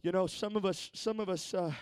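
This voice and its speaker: A high-pitched male preacher delivering a Pentecostal sermon. He stumbles and repeats words, swinging between chatty asides and fervent calls to worship. The sound is close and dry. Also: steady tone, fairly quick, a little mellow, clean tone, no echo. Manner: repeats words, builds from conversational to fervent exhortation. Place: church sanctuary.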